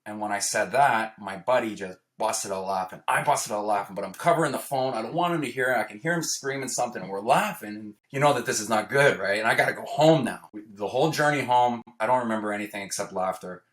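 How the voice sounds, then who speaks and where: A man from Toronto telling a personal story in a casual, animated way. He acts out the quoted lines and tags his sentences with "right?". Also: fairly low pitch, quick pace, hardly any pauses. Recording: roomy echo.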